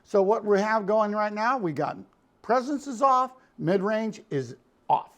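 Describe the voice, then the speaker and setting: A man's voice: high-pitched, lively intonation, a little slow, a bit bright. A middle-aged man with a Chicago accent, a studio producer giving a folksy, hands-on demonstration of guitar tone. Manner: folksy, calls people "Mister". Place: recording studio.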